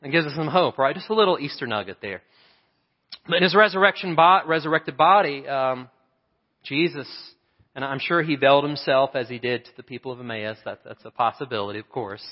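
A man preaching an Easter sermon as pastor, asking for amens and slowing down on key phrases. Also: mid-range voice. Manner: preachy, calls for amens, slows for emphasis. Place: church sanctuary. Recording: dull reverberant church sound.

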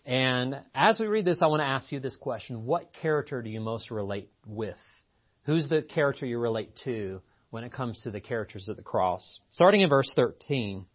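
A man's voice: medium pitch, animated, normal speed. A man from Appalachia preaching a conversational sermon, telling stories and joking with his guests. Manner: folksy, storytelling, jokes with guests. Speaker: pastor. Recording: slightly muffled recording.

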